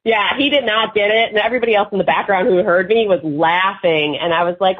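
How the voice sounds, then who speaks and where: A woman with a husky, breathy voice tells lively anecdotes as an interview guest, jumping into quoted voices as she goes. The sound is thin and tinny, like a phone line. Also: mid-range voice, a little fast, few pauses. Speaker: marketing expert guest. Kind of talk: casual interview storytelling.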